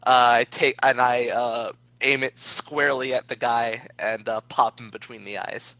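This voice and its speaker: A man's voice: mid-range voice, fairly even intonation, a little slow, pushed and bright, rough recording. A man playing in a tabletop role-playing game, describing his character's actions in a laid-back way with many hesitations. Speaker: player. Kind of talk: casual tabletop play.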